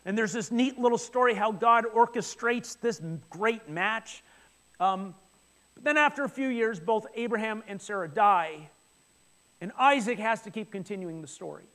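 High-voiced pastor preaching conversationally. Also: male voice. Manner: conversational, animated retelling with quick asides; repeats words when starting sentences. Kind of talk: sermon.

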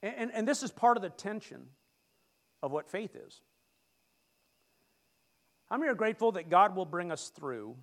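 Middle-aged male pastor, high-pitched, animated sermon delivery with congregation call-and-response. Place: church sanctuary.

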